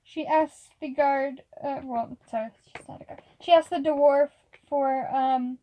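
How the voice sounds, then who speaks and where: A woman narrating as game master of a tabletop role-play, in a casual, halting way with many fillers. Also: high voice, steady tone, mellow, poor audio.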